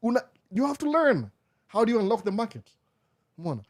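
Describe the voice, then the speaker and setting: Kenyan guy hosting a live q&a, quick talker, mixes swahili and english, keeps repeating himself. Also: sits high, very animated. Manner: code-switching between Swahili and English, repeating catchphrases. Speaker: live show host. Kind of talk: casual live Q&A chat.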